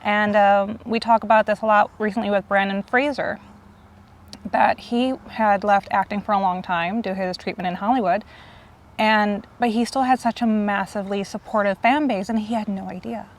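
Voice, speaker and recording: A woman's voice: medium pitch, fairly even intonation, normal speed. A woman in her forties telling a guest how much her work means to her, earnest and close to tears. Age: 40s. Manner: earnest, gushing, near tears. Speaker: host. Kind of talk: emotional fan tribute.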